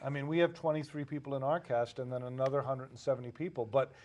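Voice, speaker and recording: A man's voice: medium pitch, fairly even intonation, fast, darkish tone, lo-fi sound. Man from the production chatting on a talk show, easy and conversational. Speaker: member of the production. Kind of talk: casual talk show chat.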